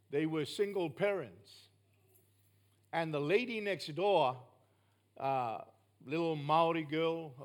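Male New preacher, high-pitched, emphatic sermon delivery with loud peaks and soft drops. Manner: emphatic, rising to loud bursts then dropping low.

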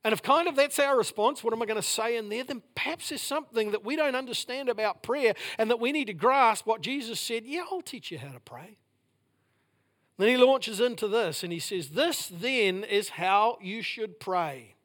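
High-voiced preaching man, emphatic. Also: lively intonation, normal speed. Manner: swings from loud emphatic declarations to hushed, near-whispered lines; repetitive, building phrases. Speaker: pastor. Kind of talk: sermon.

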